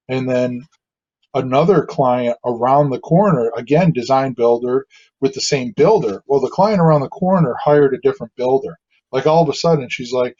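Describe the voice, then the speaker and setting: A man's voice: mid-range voice, dull audio. A man in casual podcast conversation, telling blunt stories about clients and acting out what they said. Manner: storytelling, acts out quoted clients in animated asides. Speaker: guest, builder and designer.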